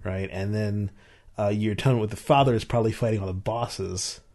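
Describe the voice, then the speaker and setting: A man's voice: on the low side, fairly even intonation, a little fast, a little mellow. A man co-hosting a podcast, explaining things in casual chat with many restarts and fillers. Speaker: podcast co-host.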